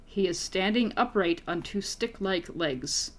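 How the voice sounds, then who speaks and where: A woman reads an adventure book aloud to her players at a middle pitch. She is playful and casual, laughing easily and swearing among friends. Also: measured pace. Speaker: game master reading an adventure book. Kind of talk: reading a story aloud to players.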